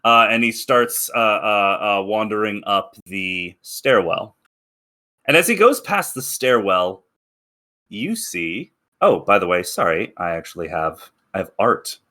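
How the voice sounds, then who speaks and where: A man's voice: fairly low pitch, animated, measured pace, sharp tone. A man narrating as game master, describing scenes in a rambling way with many restarts. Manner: rambling, full of fillers and restarts while describing.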